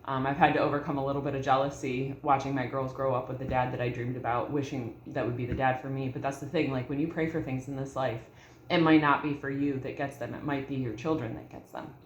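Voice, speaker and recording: A woman's voice: rumbling low, steady tone, quick pace, dull audio. Woman in her thirties, vlogger, heartfelt personal story, roomy echo, faint background noise. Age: 30s. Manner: earnest, heartfelt, addresses viewers as y'all. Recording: echoey room.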